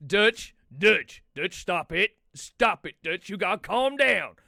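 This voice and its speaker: Arthur, a man doing a weary gruff gunman. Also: high-pitched, expressive, takes it slowly, pushed and bright, dry recording, clean studio sound, full character voice. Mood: exasperated. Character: weary, exasperated male outlaw gunman. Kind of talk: comedic improvised impression.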